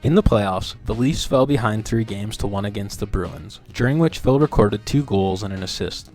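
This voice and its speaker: Male documentary narrator, measured, lowish voice, light music bed. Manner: steady, measured storytelling.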